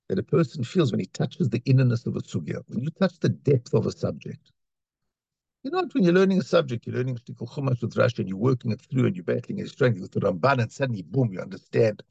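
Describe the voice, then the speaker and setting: Leading a Torah class, a man reads lines in Hebrew and explains them in English, often repeating himself and restarting while searching for words. He has a mid-range voice with vocal fry, mellow and slightly breathy. The recording is dry and the audio dull.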